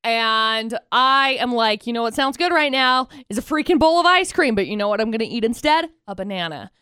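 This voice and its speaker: A woman's voice: a little high, lively intonation, fairly quick, sharp tone, smooth, no echo, studio quality. A young woman co-hosting a morning radio show, telling a story in casual banter and laughing as she goes. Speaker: radio co-host.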